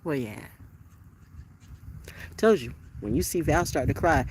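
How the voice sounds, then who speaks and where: A woman vlogger telling a story in an unscripted, profanity-laden rant, swinging between loud outbursts and hushed, low talk. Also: expressive, a little slow, long pauses, background noise.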